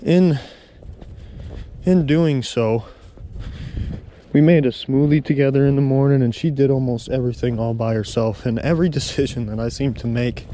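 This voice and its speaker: A man in his thirties talks through his day while walking a trail outside. His voice is mellow and warm, and he tells the story in a heartfelt, rambling way. Faint outdoor noise sits behind him. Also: mid-range voice, moderate pace. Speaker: vlogger. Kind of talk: casual walking vlog. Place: outdoors on a snowy trail walk.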